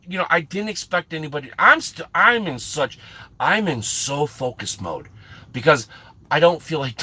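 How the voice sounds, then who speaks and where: A man's voice: fairly high pitch, sharp tone. A middle-aged man telling a rambling, self-mocking story to his chat, with lots of restarts. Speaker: streamer. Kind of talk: casual storytelling to live chat.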